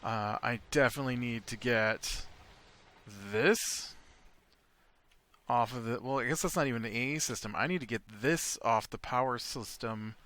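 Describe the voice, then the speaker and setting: A man's voice: mid-range voice, normal speed, fairly bright tone. An American man giving casual gameplay commentary, thinking aloud and rambling with lots of fillers. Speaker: let's play host.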